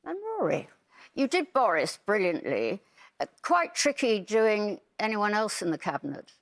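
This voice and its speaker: A woman hosting a quiz show, brisk and dry. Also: medium pitch, sing-song. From Liverpool.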